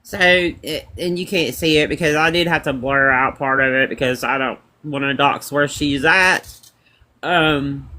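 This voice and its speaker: A man's voice: on the high side, pushed and bright. A man hosting a live stream, commenting on played clips in a wry, matter-of-fact way.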